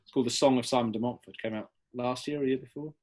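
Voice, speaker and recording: A man's voice: mid-range voice, steady tone, rapid-fire, darkish tone. A man answering history questions as a podcast guest, chatty and enthusiastic with loose restarts. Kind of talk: casual podcast Q&A.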